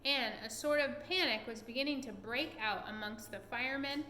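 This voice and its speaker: Mom reading a kids book out loud, bright voice, echoey room with faint hiss. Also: female voice, on the high side, moderate pace. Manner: expressive, animated reading. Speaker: parent reading aloud. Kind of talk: reading a children's book aloud.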